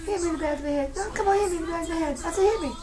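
A woman voicing a feisty, cranky house cat in a squeaky, cussing voice for a home video. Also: very fast, a crowd in the background, low-quality recording. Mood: whiny, grumpy.

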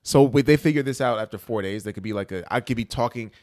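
A man in his thirties hosting a podcast, talking bluntly and profanely in casual banter, getting loud when he argues. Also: mid-range voice, fast talker, no echo, clean studio sound. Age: 30s. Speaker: podcast host.

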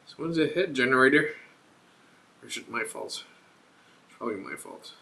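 Bright-voiced man rambling through a review. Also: medium pitch, lively intonation, moderate pace, creaky. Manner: rambling, thinks aloud while reading a label. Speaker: beer reviewer host. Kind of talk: casual vlog review.

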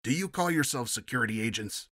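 A man voicing a querulous, bossy male ship captain in an audiobook reading, loud and indignant. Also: on the low side, expressive, fast, no echo, clean studio sound. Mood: angry.

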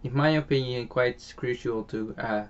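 A man with a Dutch accent talks through a farming game in a relaxed, halting way, often pausing on filler sounds and starting phrases over. His voice sits at a middling pitch. The home mic sounds dull and lo-fi. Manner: hesitant, many filler sounds and restarts. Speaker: game channel host. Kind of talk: casual gameplay commentary voiced afterwards.

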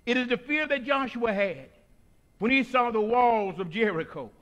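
A man preaching a sermon in a church, whooping and calling out, then dropping to hushed lines. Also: very high voice, moderate pace, muffled recording. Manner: whooping call-and-response preaching, swinging between shouts and hushed lines.

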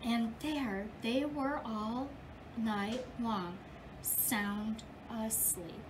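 High, lively preschool teacher reading aloud. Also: female voice, background noise. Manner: expressive storybook reading with animal noises. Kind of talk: reading a picture book aloud to young children.

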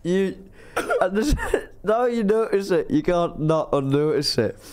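A man's voice: sits high, animated, unhurried, a little mellow, smooth. A man who produces the podcast, chatting casually and laughing along. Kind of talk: casual chat.

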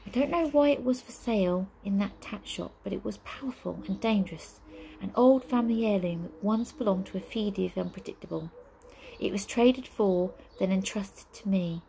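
A woman voicing a regretful mother quietly confessing, in a measured storybook reading. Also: medium pitch, vocal fry, a little hiss or hum, lightly acted, low-quality recording.

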